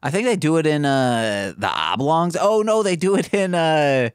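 Podcast guest guy cracking crude jokes, kinda high smooth voice. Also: sing-song, normal speed, no room sound, clean studio sound. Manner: joking, crude humor, meandering asides. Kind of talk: casual chat.

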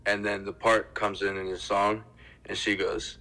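A man's voice: lowish voice, little pitch movement, normal speed, bright, forceful tone, low-quality recording. A man co-hosting a podcast in casual chat, telling a story in a laid-back way. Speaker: podcast co-host.

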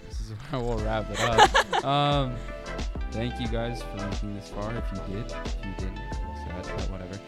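A man's voice: lowish voice, expressive, normal speed, over loud music. A young man co-hosting a casual youth podcast, asking questions in a hesitant, filler-heavy way. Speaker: co-host.

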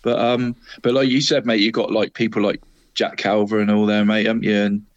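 A man's voice: fairly low pitch, level tone, fairly quick, no room sound, dull audio. Rambling man calling everyone mate. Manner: rambling, says "mate" and "Deeks" constantly. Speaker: co-host of a football podcast. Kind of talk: casual football chat.

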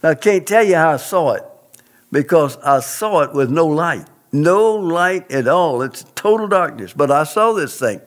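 A man's voice: fairly high pitch, animated, measured pace. A man telling a personal testimony in an interview, speaking in an earnest, emphatic, preacherly way.

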